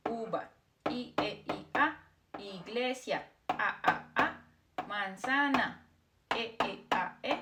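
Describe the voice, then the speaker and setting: A woman's voice: medium pitch, noisy background. A young woman whose first language is Spanish, teaching a beginner language lesson and patiently drilling each vowel and word over and over.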